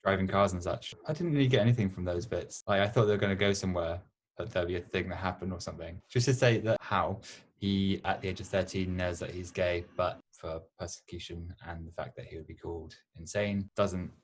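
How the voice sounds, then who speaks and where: A man's voice: low voice, a little hiss or hum. A man talking over a video call in a casual film review, wry and full of gripes. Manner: wry, complaining, quick asides. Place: home during lockdown.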